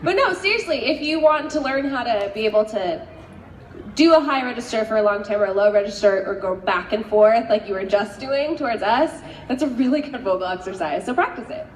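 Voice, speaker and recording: A woman's voice: a little high, animated, brisk, a little hiss or hum. Upbeat woman on a convention panel. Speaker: panel guest voice actor. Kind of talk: casual panel Q&A. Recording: echoey convention hall, faint crowd.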